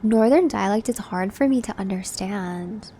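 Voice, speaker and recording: A woman's voice: mid-range voice, a little slow, mellow, a little hiss or hum. A young woman, hosting a livestream and chatting casually with her viewers in a laid-back way. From Southern California. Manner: chatty, laid-back, reads and answers chat. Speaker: livestream host.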